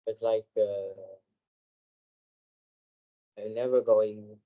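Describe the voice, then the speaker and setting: Slow, halting teenage boy learning English. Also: fairly low pitch, little pitch movement, dull audio. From Vietnam. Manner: hesitant, halting, many fillers. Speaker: student. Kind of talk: English lesson answers.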